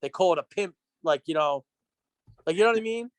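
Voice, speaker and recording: Excitable rambling man telling stories. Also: high-pitched, fairly quick, dry recording. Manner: excitable, rambling, full of restarts and acted-out quotes. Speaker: podcast guest. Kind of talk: casual storytelling chat. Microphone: podcast microphone.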